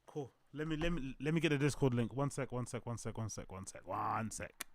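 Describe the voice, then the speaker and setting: A man's voice: medium pitch, expressive, a little fast, no echo. A man hosting a reaction stream, chatting casually and jokingly, swearing often and repeating himself. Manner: joking, profane, repeats phrases. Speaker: host reacting to videos.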